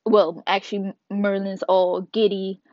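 A woman hosting a casual manga review video, slangy and playful, retelling scenes with quick asides. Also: medium pitch, little pitch movement, no room sound. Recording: dull lo-fi dry sound.

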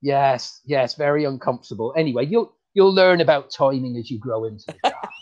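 A man voicing a bumbling rural farmer comedian with a rural English accent, talking in a halting, stammering, folksy way. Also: mid-range voice, darkish tone, close to an everyday voice. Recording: dull lo-fi sound.

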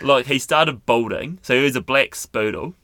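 A man's voice: medium pitch, moderate pace, pushed and bright, no room sound. A young man co-hosting a podcast from a studio, chatting casually with playful, teasing banter. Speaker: podcast co-host. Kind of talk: casual chat. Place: recording studio.

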